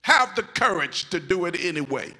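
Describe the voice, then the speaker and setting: A man's voice: high-pitched, big pitch swings, normal speed, pushed and bright, low-quality recording. A bishop preaching a sermon to his congregation in a church, fervent and repetitive, calling out to the people in the pews. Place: church sanctuary.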